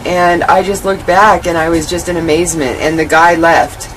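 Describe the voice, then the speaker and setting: A woman's voice: lowish voice, fairly even intonation, moderate pace, a little hiss or hum, poor audio. A woman guest in an interview, telling her life story candidly and animatedly, with many "you know" fillers.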